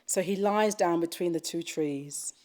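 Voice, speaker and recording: A woman with a British accent giving a retreat dharma talk as a Buddhist teacher, telling a story gently and reflectively. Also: fairly low pitch, measured pace. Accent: British English. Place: retreat hall.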